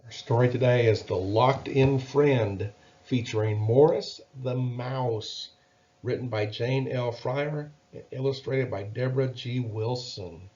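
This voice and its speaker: A man reading a children's Bible story aloud, gentle and expressive, asking his young listeners questions. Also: mid-range voice, a little slow, lo-fi sound.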